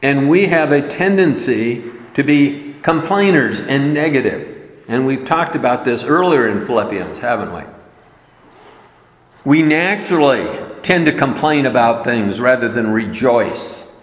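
Man preaching slow, voice going up and down a lot, emphatic, big roomy echo. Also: mid-range voice, lively intonation. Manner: emphatic, repeating key words. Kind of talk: sermon.

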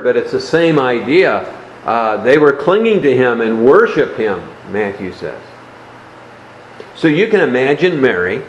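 A man preaching a sermon, explaining a Bible passage in a measured way and dropping his voice softly on key words. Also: medium pitch, reverberant, lo-fi sound, slight background noise.

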